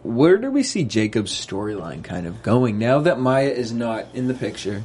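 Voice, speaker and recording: A man hosting a casual TV recap chat, relaxed and chatty with many fillers. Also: medium pitch, normal speed, slightly rough. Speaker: show host.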